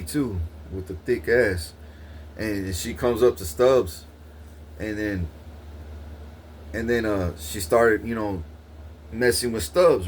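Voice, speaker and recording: A young vlogger from Corpus Christi, Texas, casually recounts a dream in a rambling monologue full of profane street slang and restarts. His voice is medium-pitched and fairly bright, with a little hiss or hum.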